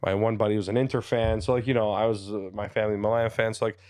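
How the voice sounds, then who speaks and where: A man in his thirties, a comedian guest telling stories in lively, casual podcast chat and often checking in with "you know what I mean.". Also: on the low side, fast, clean tone, no echo, studio quality. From Canada, Ontario. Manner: animated storyteller who slips into voices, says "you know what I mean" often.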